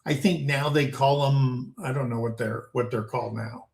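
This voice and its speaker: An American man in his sixties hosts a casual panel chat over a video call, telling a folksy story from his youth and repeatedly addressing his listeners as "guys." His medium-pitched voice is gravelly and darkish, with fairly even intonation and a normal pace. The room is roomy and echoing.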